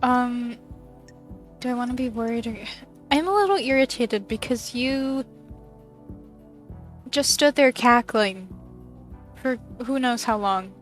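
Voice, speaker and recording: A woman's voice: on the high side, slow, long pauses, soft background music. A woman streamer playing a video game, reading its text aloud and chatting casually, often giggling. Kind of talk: casual let's-play commentary.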